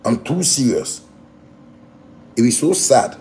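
A man's voice: mid-range voice, lively intonation, slow pace, darkish tone, a little hiss or hum. A man with a Ghanaian Pidgin English accent, ranting bluntly and defiantly to fans on a phone livestream. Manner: blunt, defiant, repetitive, swears freely. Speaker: musician talking to fans live. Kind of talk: livestream rant.

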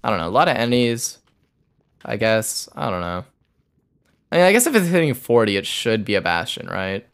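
A man's voice: fairly low pitch, very animated, brisk, gravelly, pauses often, a bit bright, clean tone. A young man streaming a game, muttering a loose running commentary to himself as he plays. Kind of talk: live gameplay commentary.

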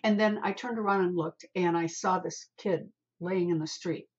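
An older woman, a spiritual healer, telling a story in an interview in an animated way and calling the host honey. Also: on the low side, normal speed, slightly rough, highs cut off.

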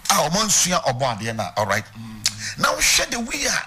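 A man's voice: high voice, wildly swooping pitch, normal speed, noisy background. A man with a Ghanaian accent preaching a sermon, teaching and putting questions to his congregation. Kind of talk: sermon mixing Twi and English. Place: church.

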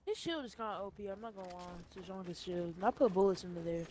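A man's voice: high-pitched, fast talker, darkish tone. A young man gaming with friends, talking insistently and repeating himself in voice chat over a headset. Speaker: gamer in party chat. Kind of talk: casual chat while gaming.

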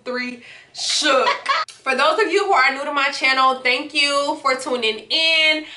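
Woman host, high bright voice, chatty and slangy, casual at-home recap, echoey room. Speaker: YouTube reaction host. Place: home setup with hookah and wine.

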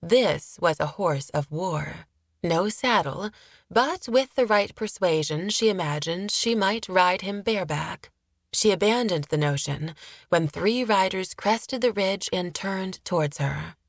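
A woman narrates a fantasy audiobook in a steady, measured way, her voice sitting a little low. She is recorded close to the mic in a dry booth with no room sound. The reading is scripted and even-paced. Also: no room sound.

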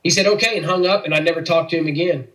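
A man's voice: fairly high pitch, rapid-fire, fairly bright tone, rough recording. Earnest middle-aged man telling his story. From Missouri. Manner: earnest storytelling, acts out quoted dialogue. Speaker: interview guest. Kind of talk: personal faith testimony.

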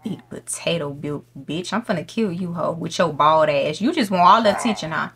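A woman streamer giving loud, profane, excitable commentary while playing a game, shrieking when something startles her. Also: sits low, moderate pace, noisy background. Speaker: gaming streamer. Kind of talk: let's play commentary.

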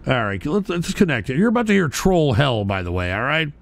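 A man hosting a call-in stream show, ranting abrasively, hurling insults and often bursting into shouts while drinking beer. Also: mid-range voice, big pitch swings, fairly quick, creaky. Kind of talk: profane live-stream rant.

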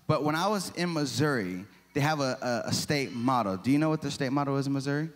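A man's voice: medium pitch, animated, fast talker. A man in his forties preaching a sermon, chatty and self-deprecating, with lots of rhetorical questions. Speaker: pastor. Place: church sanctuary. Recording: long reverb of a church hall.

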